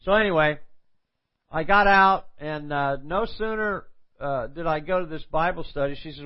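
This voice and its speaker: A man's voice: on the high side, brisk. An older man preaching, telling a personal testimony in a storytelling way and acting out the people he quotes. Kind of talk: sermon testimony. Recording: dull lo-fi sound.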